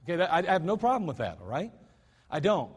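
A man's voice: sits high, wildly swooping pitch, quick pace, breathy edge. An American man preaching a sermon in a church, folksy and self-deprecating, with chatty asides to the congregation. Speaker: pastor. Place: church sanctuary. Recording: hall reverb.

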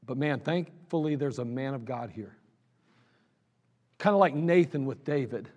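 A male pastor preaching a sermon, swinging between loud exhortation and low, intimate talk. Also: expressive, unhurried.

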